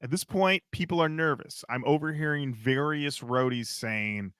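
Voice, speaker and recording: Man, podcast co-host, casual storytelling, animated, acts out quotes, dry close sound. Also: a little high, normal speed, clear, resonant tone, no room sound.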